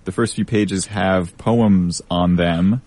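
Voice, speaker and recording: A young man hosting a college radio show, talking in a measured, thoughtful way. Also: sits low, steady tone, a little mellow, dry recording. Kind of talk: casual radio chat.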